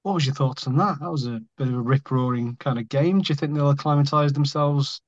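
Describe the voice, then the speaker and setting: A man hosting a podcast, asking relaxed questions with small stumbles. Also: mid-range voice, fairly quick. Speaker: podcast host. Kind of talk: casual podcast interview. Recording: dull lo-fi audio.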